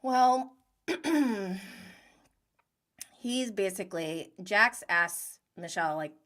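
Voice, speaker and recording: Chatty, bright-voiced woman recapping TV. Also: fairly low pitch, animated, takes it slowly, pauses often. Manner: chatty, giggly, acts out quotes. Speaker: reality TV recap host. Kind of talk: casual video recap.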